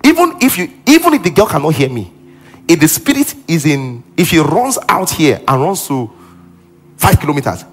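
A man preaching a sermon in a church auditorium, in an animated way that rises to loud commands. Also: on the high side, normal speed, breathy edge, soft background music. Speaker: pastor. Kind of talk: sermon and deliverance prayer.

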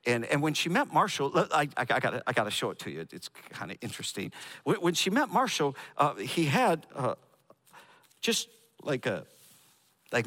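A man telling a personal story in a casual, halting way, often repeating words and restarting his sentences. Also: medium pitch, fairly bright tone.

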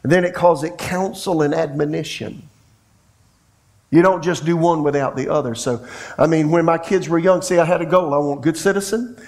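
Folksy middle-aged preacher, storytelling. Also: male voice, fairly high pitch, normal speed, darkish tone. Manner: folksy storytelling preacher who acts out dialogue. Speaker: pastor. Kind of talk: sermon.

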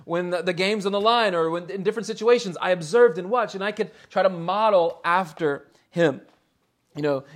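A man preaching a sermon in an earnest, conversational way, repeating key phrases for emphasis. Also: fairly high pitch. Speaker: pastor.

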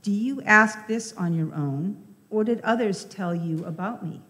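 A woman reading the lines of a calm, solemn man on trial in a measured, plain scripture reading. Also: medium pitch, natural voice. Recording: reverberant church hall.

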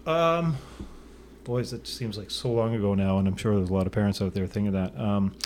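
Deep-voiced man, middle-aged, rambling anecdotal sports chat, studio radio, fillers and restarts. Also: fairly quick, background noise. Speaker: sports show co-host and father of a university athlete. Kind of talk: casual sports talk chat.

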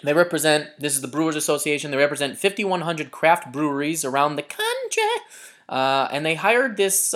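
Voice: medium pitch, a bit bright. A podcast co-host from Chicago in casual banter, joking around, swearing and tossing in silly accents.

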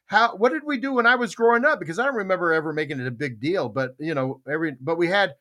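A man's voice: a little high, lively intonation, fast talker, bright, forceful tone. An older man hosting a casual podcast chat, telling stories animatedly with laughter and acted-out quotes. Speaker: podcast host.

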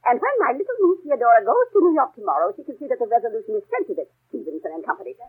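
An actress playing a prim, domineering spinster aunt who chairs a ladies' literary circle, indignant and theatrical, in a 1930s radio drama. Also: female voice, a little high, sing-song, rapid-fire, slightly rough. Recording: scratchy phone-like 1930s radio broadcast.

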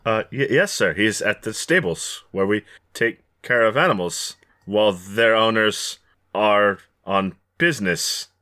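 A man's voice: fairly low pitch, measured pace, bright, forceful tone, no room sound, studio quality. A man voicing a nervous, overly polite male railway attendant who stammers and keeps saying sir.

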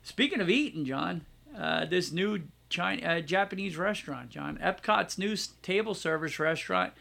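A middle-aged American man co-hosting a casual podcast, his voice high and bright with a gravelly edge. He chats loosely, pokes fun at himself and reads news items aloud between asides. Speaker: podcast co-host.

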